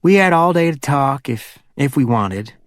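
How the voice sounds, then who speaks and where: A man's voice: animated, unhurried, no room sound, studio quality, close to an everyday voice. A man voicing a playful, flirty wealthy woman in her fifties with a Hollywood Southern accent, chatty and teasing. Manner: teasing and chatty, sliding up into a higher voice.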